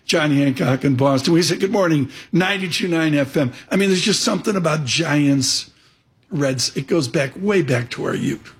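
A man hosting a morning radio show, teasing his guest and rambling through quick jokes. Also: on the high side, husky. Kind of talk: joking morning radio banter.

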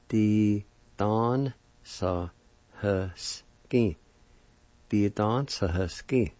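Male language teacher, unhurried, drills syllables one by one, muffled lo-fi sound. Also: lowish voice, mellow, dry recording. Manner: spells words out and sounds syllables slowly. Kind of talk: slow spelling and pronunciation lesson. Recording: dull lo-fi recording.

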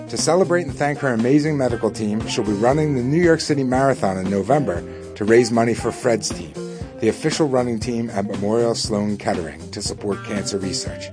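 A man hosting a live storytelling show, introducing the last speaker in an upbeat, formal way. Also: mid-range voice. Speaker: host. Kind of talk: announcing the speaker. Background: music.

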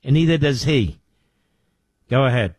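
A man's voice: medium pitch, lively intonation, measured pace, darkish tone, breathy edge, dry recording. A man in his sixties from the Philadelphia area hosting a political talk radio show, mocking and sarcastic, with asides to his producer. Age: 60s.

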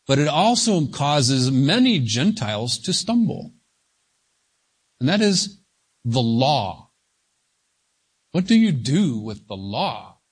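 A man preaching a sermon, slow and emphatic, leaning on single words for stress. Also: mid-range voice, big pitch swings, husky. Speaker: pastor.

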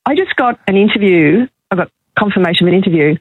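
A woman's voice: medium pitch, expressive, fast talker, breathy edge, no room sound. A woman in her sixties calling in to a radio show, telling a heartfelt story with emotion. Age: 60s. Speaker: caller, magazine journalist. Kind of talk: radio call-in chat. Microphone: phone line. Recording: tinny dry phone line.

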